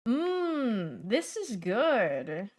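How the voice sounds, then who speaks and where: A woman putting on the voice of a bubbly young food-review influencer who says the same lines about every dish, with drawn-out tasting murmurs. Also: fairly high pitch, huge pitch swings, heavily acted. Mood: chirpy.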